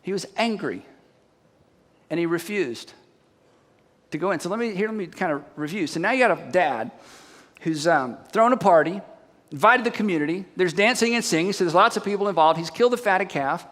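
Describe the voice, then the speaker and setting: A man's voice: high voice, animated, brisk, a bit bright. A man preaching a sermon as a pastor, telling the story animatedly and firing rhetorical questions at the audience. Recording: long hall reverb.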